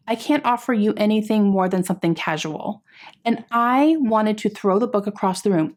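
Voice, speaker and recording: A woman's voice: fairly high pitch, a little mellow. A young woman vlogging a chatty book review, exasperated at times, with frequent sighs and fillers. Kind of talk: casual book review chat.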